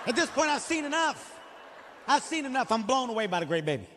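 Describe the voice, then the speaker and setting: A high-voiced man performs stand-up, telling an animated, profane story and jumping into the voices of its characters. He is recorded live on a theater stage through a stage mic. The hall adds a long reverb tail, and faint room ambience sits underneath. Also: brisk, background noise. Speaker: stand-up comedian. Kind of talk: stand-up comedy. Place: theater stage before an audience.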